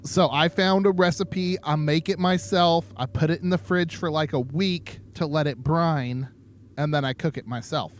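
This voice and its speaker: A man's voice: fairly high pitch, steady tone, normal speed. A man in his thirties co-hosting a podcast, rambling boisterously in a casual chat and laughing often. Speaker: podcast co-host.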